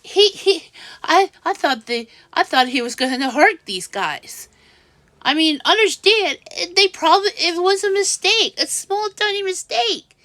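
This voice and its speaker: A high-pitched woman recounts a story to her viewers at an unhurried, halting pace, often stopping to restart her sentences. Her exasperation keeps breaking through. The sound is dry and close, with no room around it. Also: animated, pushed and bright, dry recording. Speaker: vlogger. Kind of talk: casual storytelling vlog.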